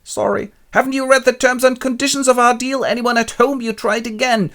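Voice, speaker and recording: A man voicing a gleeful, mad male doctor with a manic, shrill delivery. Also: fairly even intonation, fairly quick, fairly bright tone.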